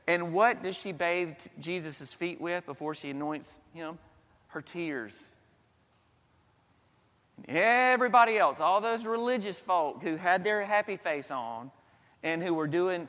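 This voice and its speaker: Male pastor, higher voice, earnest sermon with dramatic pauses, church reverb. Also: a bit bright. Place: church sanctuary. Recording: long reverb of a church hall.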